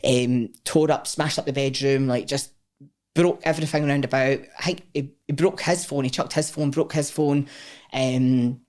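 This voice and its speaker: A woman's voice: very deep voice, moderate pace. A woman with a Scottish accent, a podcast guest telling her own story frankly, swearing freely and acting out what people said. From Scotland. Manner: frank and expressive, swears freely, acts out quotes. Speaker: guest, powerlifter. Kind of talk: candid personal storytelling.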